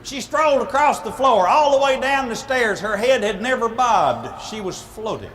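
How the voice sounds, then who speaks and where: A man's voice: very high-pitched, lively intonation, normal speed, a bit bright, long reverb tail, slight background noise. A man telling a comic fairy tale in a folksy, playful way, adding vocal sound effects. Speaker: speaker at church ladies' night. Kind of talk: comic storytelling.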